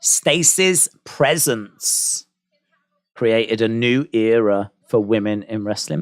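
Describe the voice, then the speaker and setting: A man's voice: fairly low pitch, slow, no echo, clean studio sound. A man hosting a wrestling watch-along stream, chatting and reacting with laughs and asides. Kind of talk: casual live-stream commentary.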